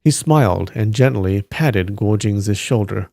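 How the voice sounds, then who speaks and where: A man on a live stream reading a novel aloud at a steady pace, stopping now and then to react to the story. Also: on the low side, measured pace, gravelly, hardly any pauses, no room sound, clean studio sound.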